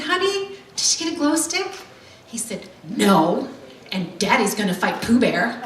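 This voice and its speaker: A woman's voice: a little high, a bit bright. A middle-aged woman telling a stand-up comedy story in a brash, swearing, punchy way, with audience laughter behind her. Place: comedy club stage. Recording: roomy hall mic from far off, noisy.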